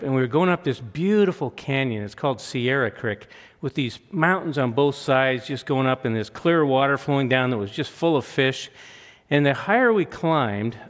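An older man preaching a storytelling sermon in a conversational, self-deprecating way, with lively quoted asides. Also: medium pitch. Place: church hall. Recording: long hall reverb.

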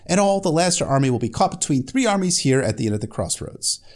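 Sarcastic guy recapping book chapters, swears a lot, pitch all over the place, laughs at his own bits. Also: fast. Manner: lively, sarcastic, profane asides. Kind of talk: casual chapter recap with commentary.

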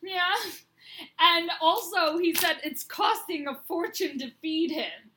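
A woman's voice: very high voice, slow, sharp tone, slight background noise. A woman co-hosting a podcast, chatting casually through a TV episode recap with playful quoted lines and laughter. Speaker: podcast co-host.

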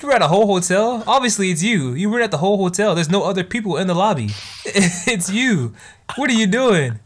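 A man's voice: sits high, animated, brisk, voice pushed up. A man doing an exasperated anime boy. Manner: incredulous, exasperated.

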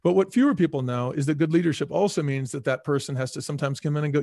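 A middle-aged man speaking as an interview guest, telling animated stories and acting out quoted dialogue with lots of fillers. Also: medium pitch, quick pace, gravelly, dry recording, studio quality. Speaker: guest, restaurant executive.

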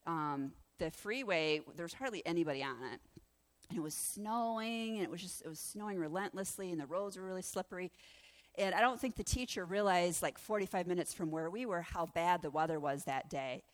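A woman pastor preaching through a lively personal story, acting out the voices of the people in it. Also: fairly low pitch, brisk. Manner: animated, acts out the voices in her story. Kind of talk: sermon storytelling.

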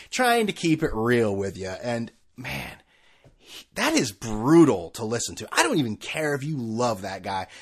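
A man hosting a podcast, rambling through a self-mocking comic story with many restarts. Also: mid-range voice. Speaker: podcast host. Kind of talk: comedic storytelling.

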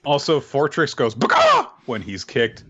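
A man on a chat podcast who jokes and laughs his way through a recap and acts out the characters' quotes. His voice is bright and bouncy, swinging up and down in pitch. The recording sounds dull and lo-fi. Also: lively intonation, a little slow. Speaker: podcast co-host. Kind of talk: casual chat recapping an anime.

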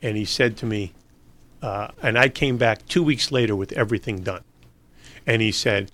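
A man's voice: lowish voice, moderate pace, a bit bright. A man telling long, rambling stories in a casual interview, laughing and restarting as he goes. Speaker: interview guest. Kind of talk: casual storytelling.

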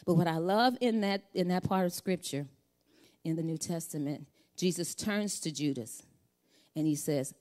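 A woman's voice: lowish voice, moderate pace, darkish tone. A middle-aged woman preaching a sermon, reading scripture and building to fervent calls for the congregation to repeat after her.

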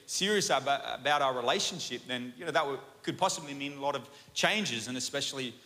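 A man with an Australian accent preaching a sermon, telling a personal story in a chatty, animated way that keeps asking "right?". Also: medium pitch, fast. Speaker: pastor. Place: church auditorium. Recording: long hall reverb.

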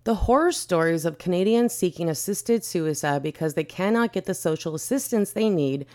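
A woman's voice: fairly low pitch, animated, normal speed, a little mellow. A woman hosting a podcast, ranting in a blunt, profane, indignant way. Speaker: podcast host.

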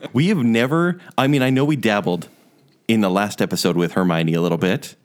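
A man's voice: fairly low pitch, normal speed. A man co-hosting a podcast in casual chat, teasing and laughing often. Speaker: podcast co-host.

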